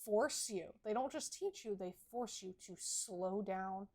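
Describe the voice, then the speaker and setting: A woman's voice: mid-range voice, lively intonation, unhurried, a little mellow. A woman co-hosting a casual podcast chat about horses, earnest and explanatory as she gives advice. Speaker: podcast co-host.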